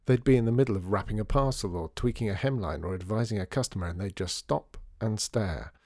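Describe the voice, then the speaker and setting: Male narrator, low voice, dry close read, measured and wry. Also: darkish tone, no echo. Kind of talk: storybook narration.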